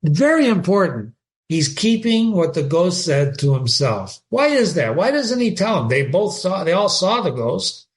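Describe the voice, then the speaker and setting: A man's voice: high voice, sing-song, unhurried. A man hosting a reading, explaining a play in a casual way, asking questions and thinking aloud.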